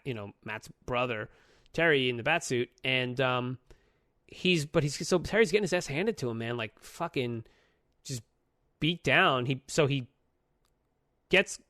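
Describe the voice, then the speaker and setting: A man co-hosting a casual podcast, retelling a story in a lively, profane way with sudden jumps in pitch. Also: a little slow, no room sound, studio quality. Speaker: podcast co-host.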